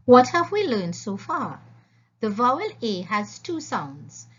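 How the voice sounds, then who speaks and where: A woman teaching a phonics lesson, speaking slowly and clearly and repeating the sounds for young learners. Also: mid-range voice, sing-song, fairly bright tone. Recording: dull lo-fi voice-over.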